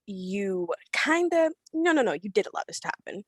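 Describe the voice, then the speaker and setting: A woman's voice: mid-range voice, sing-song, unhurried, no echo. Teen girl, furious public commenter on a video call, blunt, dry sound. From Florida, USA. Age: teens. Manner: angry, confrontational, blunt, swears. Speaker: public commenter at a school board meeting.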